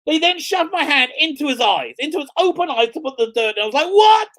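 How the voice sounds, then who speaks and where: A man's voice: extremely high pitch, animated, quick pace, sharp tone. A middle-aged man, hosting a casual livestream as a rabbi and telling a story in a rambling way, with frequent laughter, fillers and restarts. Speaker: rabbi and show host.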